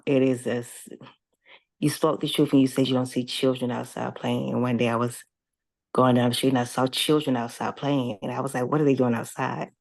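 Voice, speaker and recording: A woman at an online open mic giving earnest, somewhat halting feedback on a poem. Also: rumbling low, creaky, a little mellow, no echo, low-quality recording.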